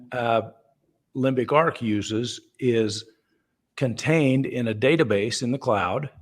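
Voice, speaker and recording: A man founder explaining things in a conversational call, easygoing and chatty, with fillers and restarts. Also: medium pitch. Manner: acts out everyday dialogue in the voices of the people in his examples. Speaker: company founder answering questions.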